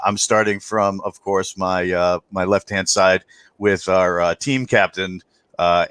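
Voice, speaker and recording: Easygoing male game master, low voice, dry close sound. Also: bright, forceful tone, no room sound. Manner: loose, laughing, lots of fillers. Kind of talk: casual game intros and narration.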